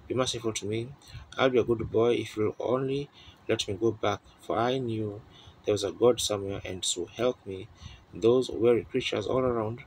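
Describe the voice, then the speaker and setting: A man's voice: lowish voice, slight background noise, low-quality recording. A man preaching a sermon in a tabernacle, telling a story in an earnest, rambling way with restarts, his voice a little worn on an old tape. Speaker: pastor. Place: church tabernacle.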